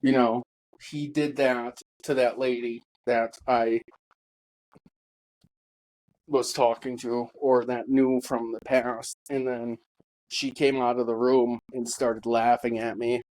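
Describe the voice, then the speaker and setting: A man telling his own story in a halting monologue, full of pauses and fillers, grieving and bitter. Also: medium pitch, flat delivery, darkish tone, poor audio. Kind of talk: personal testimony monologue.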